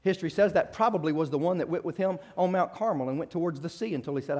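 A man preaching a sermon, retelling a story with acted quotes and frequent restarts, moving from loud rising exhortation to quiet conversational asides. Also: on the high side, rapid-fire.

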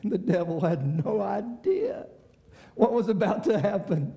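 A man preaching a sermon, swinging between shouted climaxes and hushed passages. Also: high voice, huge pitch swings, unhurried, vocal fry.

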